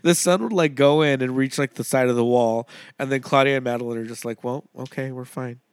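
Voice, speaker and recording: A man's voice: medium pitch, steady tone, fast talker, clear, resonant tone, no echo, clean studio sound. Rambling man chatting on a podcast. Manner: rambling, many fillers, laughs often. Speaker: podcast co-host. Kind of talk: casual movie podcast chat.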